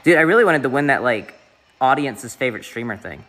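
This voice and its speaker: A man's voice: medium pitch, lively intonation, fairly quick, a bit bright. A young man from the Southeast US, streaming and chatting casually in a rambling way, with lots of fillers and swearing.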